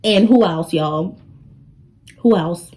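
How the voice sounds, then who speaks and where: A young woman telling a story to her vlog audience in an animated way. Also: on the low side, slow, rough recording. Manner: animated, talks straight to the audience. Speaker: vlogger.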